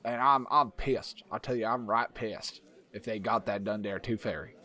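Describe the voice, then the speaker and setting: A man's voice: fairly low pitch, moderate pace, sharp tone. A man playing a gleeful weapons inventor in an improvised comedy podcast, with crude, boastful banter. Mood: angry. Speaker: podcast host. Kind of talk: improvised comedy role-play.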